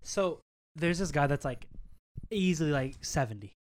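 A young man co-hosting a podcast, telling stories in a casual, animated way and swearing often. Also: a little high, normal speed, slight background noise. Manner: animated storytelling, swears a lot. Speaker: podcast co-host. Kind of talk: casual chat.

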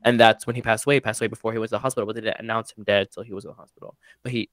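Fast-talking animated young man. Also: lowish voice, dry recording. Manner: animated storyteller who acts out voices. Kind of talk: casual chat among cousins.

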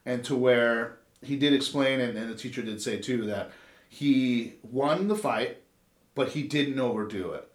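A man in his thirties from Los Angeles tells a long story in a casual, rambling way, full of swearing and asides. His voice sits at an ordinary middle pitch. The sound is roomy and echoey, like a podcast taped in a bare room. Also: measured pace. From Los Angeles, USA. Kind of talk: casual chat. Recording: roomy echo.

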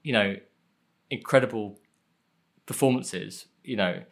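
A man's voice: on the low side, measured pace, vocal fry. Brief: man in his 30s, podcast guest, loose rambling storyteller, self-mocking, swears casually. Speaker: guest, film editor.

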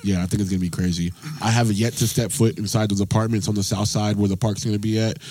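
A man co-hosting a casual podcast, talking in quick slangy bursts with restarts. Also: lowish voice, flat delivery, warm tone, no echo. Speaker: podcast co-host.

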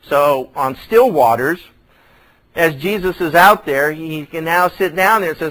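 A male pastor with a fairly high voice teaches from the Bible. He talks through the passage in a casual, conversational way, turning scripture into everyday speech. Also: moderate pace, fairly bright tone, low-quality recording. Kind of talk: verse-by-verse Bible teaching sermon.

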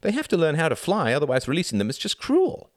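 A man's voice: a little high, wildly swooping pitch, fast talker, dry recording, clean studio sound, voice pushed up. A man voicing a pretty, carefree neighbour girl in an audiobook, speaking in a light, breezy way.

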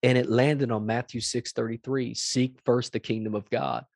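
A man's voice: mid-range voice, steady tone, moderate pace, gravelly, no echo, clean studio sound. A man, a pastor, giving a passionate testimony in an interview, emphatic and repeating phrases. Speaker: pastor and executive director, guest.

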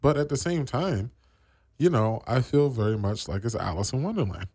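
A man's voice: medium pitch, expressive, normal speed, a little mellow, breathy edge, dry recording, clean studio sound. A man from the East Coast of the US hosting a radio show, talking casually and slangily with many fillers.

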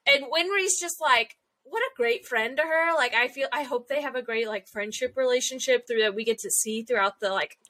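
A woman's voice: on the high side, normal speed, few pauses, fairly bright tone. A young woman chatting casually, recapping episodes with lots of fillers and acted-out quotes. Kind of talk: casual chat recapping an anime.

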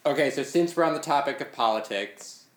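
A man co-hosting a chatty podcast. He talks in an easygoing, wry way at a middling pitch. The recording has a noticeable room echo. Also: animated, fairly quick. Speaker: podcast co-host. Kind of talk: casual podcast chat.

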